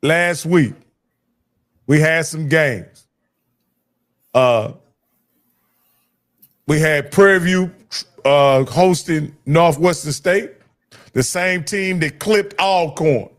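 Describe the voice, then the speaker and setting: A man's voice: on the high side, drawn-out words, pauses often. A man hosting a sports talk show, teasing his co-hosts and steering the conversation. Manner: teasing, lively host. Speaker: show host.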